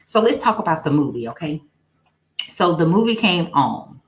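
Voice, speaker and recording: Low-voiced woman hosting a live stream. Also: big pitch swings, normal speed, poor audio. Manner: testifying, greets viewers by name. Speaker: livestream host. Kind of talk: casual live-stream chat.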